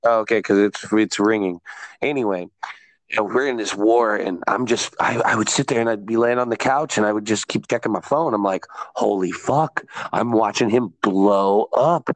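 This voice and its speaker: Excitable, laughing man co-host. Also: lowish voice, a little fast, no echo, rough recording. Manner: excitable, swears, laughs hard. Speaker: podcast co-host. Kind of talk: casual chat.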